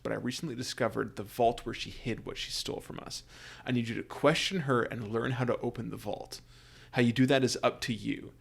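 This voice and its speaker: A man's voice: mid-range voice, creaky, breathy edge. A man reading as a secretive dwarf noble. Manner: hushed, earnest proposition. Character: middle-aged male dwarf noble, secretive and businesslike.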